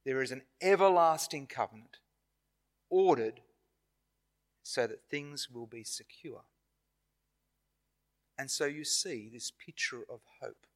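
A man with an Australian accent preaches in a church, earnest and measured. He speaks at a medium pitch, pausing and correcting himself as he goes.

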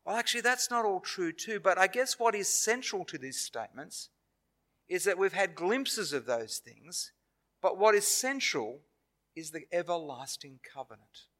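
A man with an Australian accent preaching a sermon in a church, earnest and measured, with pauses and self-corrections. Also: high-pitched, sing-song, a bit bright.

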